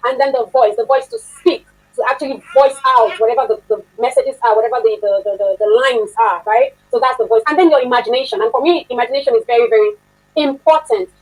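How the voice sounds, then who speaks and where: A woman's voice: a little high, quick pace, poor audio. A woman instructor giving a chatty online workshop lecture, often laughing and asking the class questions.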